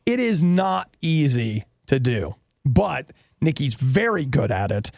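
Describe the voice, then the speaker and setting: A middle-aged man co-hosting a talk show, bantering playfully and telling stories with animated teasing. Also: medium pitch, slow, gravelly, no echo, studio quality. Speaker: co-host.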